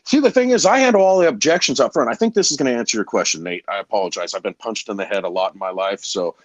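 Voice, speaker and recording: Animated, rambling man telling sales stories. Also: fairly low pitch, fast talker, no room sound. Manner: animated, acts out dialogue in stories; rambling, loses his train of thought. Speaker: garage door salesperson. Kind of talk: casual interview storytelling.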